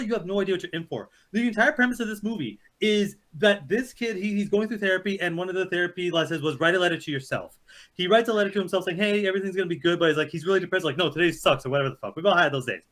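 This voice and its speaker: A man's voice: high voice, very fast. A man co-hosting a casual movie review chat, telling a long story with lots of swearing and rambling asides. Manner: excited, profane, rambling storytelling. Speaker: podcast co-host.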